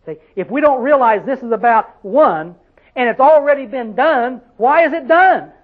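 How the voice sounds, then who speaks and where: Man, preacher, very high voice, folksy rhetorical sermon, tinny phone-like recording. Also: animated, normal speed. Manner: folksy, rhetorical questions, dialect grammar.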